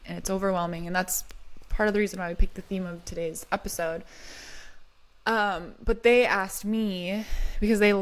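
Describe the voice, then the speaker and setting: A woman's voice: on the low side, fairly bright tone, clean tone. A woman co-hosting a podcast in casual chat, telling stories with lots of "like" and frequent giggles. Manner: giggly, storytelling with many "like"s. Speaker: podcast co-host.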